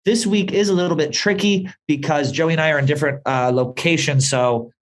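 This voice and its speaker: A man co-hosting a podcast, playful and quick to laugh, ribbing his co-host and reading a sponsor spot. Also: fairly high pitch. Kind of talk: casual comedic chat with ad read.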